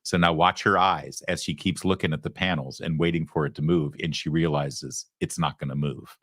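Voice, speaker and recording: A man's voice: very deep voice, steady tone, normal speed, fairly bright tone, slight background noise. A male talk show host from Michigan, giving sarcastic, mocking political commentary over clips.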